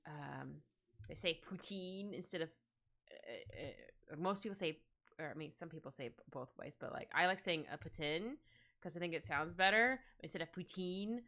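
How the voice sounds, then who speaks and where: Woman, rambling and giggly, bright tone, casual chat while drawing. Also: low-pitched, normal speed. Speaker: art streamer. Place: home streaming setup. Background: faint background music.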